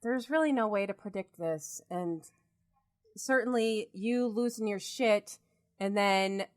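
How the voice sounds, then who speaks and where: A woman's voice: mid-range voice, unhurried. A middle-aged woman co-hosting a podcast, talking in an emphatic, reassuring casual chat. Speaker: podcast co-host.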